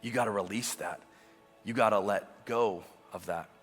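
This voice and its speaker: A man's voice: fairly low pitch, normal speed, fairly bright tone, slightly rough, in a large hall, soft background music. A man preaching a sermon as pastor, talking conversationally and acting out imagined voices. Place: church auditorium.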